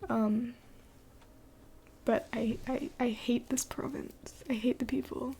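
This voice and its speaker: A woman's voice: on the high side, level tone, takes it slowly, creaky, warm tone, slight background noise. A young adult woman streaming live late at night, mostly whispering as she answers chat in a blunt, swearing way.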